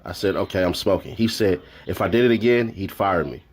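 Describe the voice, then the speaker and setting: A man's voice: low voice, a little fast, slightly rough. A man on a live stream reading courtroom notes aloud, raising his voice for quoted lines and adding joking asides.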